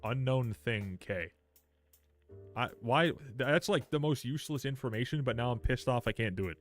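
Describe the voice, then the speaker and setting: A young man livestreaming a game, chatting casually with viewers, swearing freely and reacting loudly while reading patch notes aloud. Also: mid-range voice, lively intonation, normal speed, soft background music. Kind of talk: casual live game stream.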